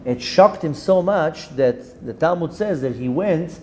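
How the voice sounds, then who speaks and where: A man, a rabbi giving a Torah lesson, telling a story with animated delivery, dropping in Hebrew terms and restarting his sentences. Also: mid-range voice, fairly quick, few pauses, a little hiss or hum. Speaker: rabbi teaching a Torah class.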